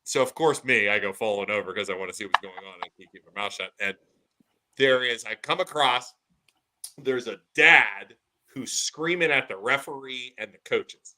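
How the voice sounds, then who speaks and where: Bright-voiced man telling a lively story. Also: mid-range voice, normal speed, poor audio. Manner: animated storytelling, acts out quotes. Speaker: podcast co-host. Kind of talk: casual chat.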